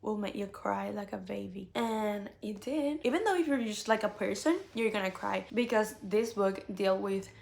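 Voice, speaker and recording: A young woman vlogger chatting casually about books she loves, gushing and animated, full of "like" fillers. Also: medium pitch, normal speed, vocal fry, few pauses. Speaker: book vlogger. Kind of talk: casual book tag chat.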